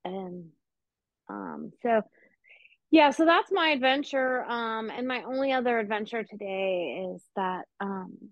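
A woman hosting a casual talk show, telling animated, profane stories and laughing often. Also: fairly high pitch, a little slow, dry recording, dull audio. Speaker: podcast host. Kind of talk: casual storytelling chat.

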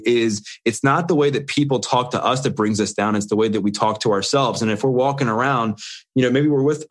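A man's voice: mid-range voice, breathy edge. A man in an interview, earnestly telling his own story in short, run-on phrases. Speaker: interview guest. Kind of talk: candid personal storytelling.

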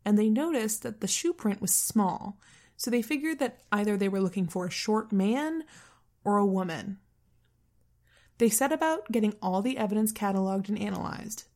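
A woman's voice: mid-range voice, expressive, moderate pace, darkish tone. A woman co-hosting a true-crime podcast, narrating the case in an earnest, easygoing way. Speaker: podcast co-host. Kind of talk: casual true-crime storytelling.

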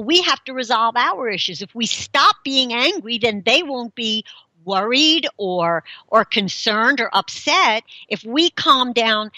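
A woman's voice: a little high, sharp tone, no echo. A middle-aged woman hosting a talk show, chatting casually, laughing often and explaining with everyday examples. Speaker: host.

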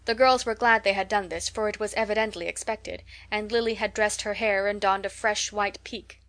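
A woman narrating a classic novel as an audiobook, in steady, even storytelling. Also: medium pitch, normal speed, few pauses. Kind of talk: scripted narration.

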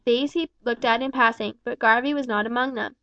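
A woman's voice: a little high, steady tone, a little fast, bright, forceful tone, dry recording. Woman reading a novel aloud. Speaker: audiobook reader. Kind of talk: scripted narration. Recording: dull, dry recording.

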